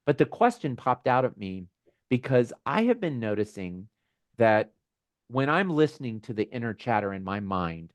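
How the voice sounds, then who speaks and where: A man hosting a community video call, talking in a gentle, musing way with small laughs and restarts. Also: medium pitch, no echo. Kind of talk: reflective casual talk.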